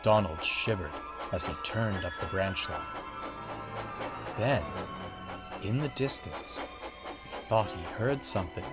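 A man narrating a read-aloud story in a measured, expressive way. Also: on the low side. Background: music.

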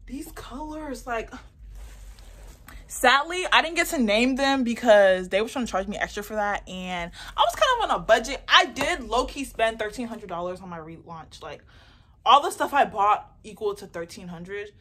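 A young woman chatting casually in an unboxing vlog, excitable and rambling as she talks about her beauty business, recorded on a phone. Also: fairly high pitch, moderate pace. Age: young adult. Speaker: beauty entrepreneur and vlogger. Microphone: phone camera mic.

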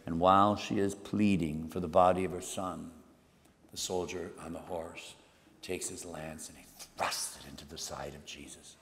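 Priest guy giving a sermon, lowish voice, goes quiet then punches words hard, big church echo. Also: steady tone, moderate pace. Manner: dramatic storytelling, swings from hushed to emphatic. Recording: long church reverb.

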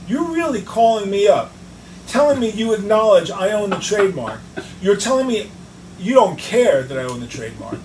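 Fast-talking profane New man, echoey room. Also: fairly high pitch. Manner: profane, fast-talking, acts out both sides of phone calls. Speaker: guest musician. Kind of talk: animated storytelling in an interview. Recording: roomy echo, distant mic, clear background noise.

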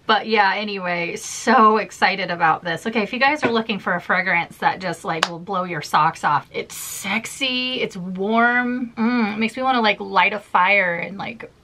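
A woman's voice: mid-range voice, measured pace, pushed and bright, slight background noise. A young woman vlogger chatting casually and gushing over beauty products, laughing often. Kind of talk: casual chat.

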